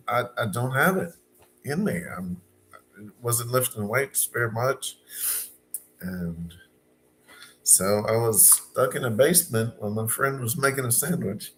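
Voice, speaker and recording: In a casual storytime monologue, a middle-aged Arkansas man shares a personal story, unhurried and halting, full of fillers and restarts. His voice is mid-range with a sharp tone, and a little hiss or hum sits in the background.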